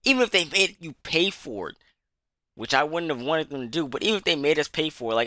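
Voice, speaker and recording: Bright-voiced man ranting with profanity. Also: on the high side, lively intonation, a little fast, no echo, clean studio sound. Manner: profane, emphatic, repetitive. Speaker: gaming commentator. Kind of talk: angry ranting monologue.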